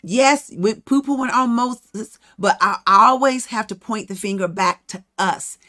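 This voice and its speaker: Woman podcast host, casual Bible teacher, animated storyteller, higher pitch. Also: unhurried.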